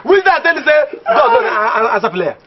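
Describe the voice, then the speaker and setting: Teasing village friend, high lively voice, muffled movie audio. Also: male voice, quick pace, a crowd in the background, full character voice. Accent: Nigerian. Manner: lively, teasing, repeats catchphrases. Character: skeptical village friend, teasing, gives advice. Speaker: actor in a comedy film. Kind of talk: Pidgin comedy film acting. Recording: dull lo-fi film audio.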